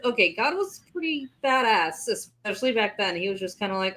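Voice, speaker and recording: A woman's voice: mid-range voice, lively intonation, brisk, fairly bright tone. A woman chatting casually on a stream, rambling through stories, swearing freely and acting out quotes. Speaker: webcomic co-creator streaming. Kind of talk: casual chat.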